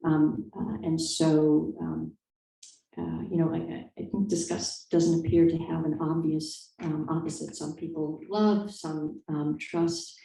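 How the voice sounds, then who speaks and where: A woman's voice: low-pitched, expressive, a little slow, creaky, warm tone. A woman author answering interview questions in a thoughtful, hesitant way, with many fillers and restarts. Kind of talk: conversational interview. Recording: echoey room, distant mic.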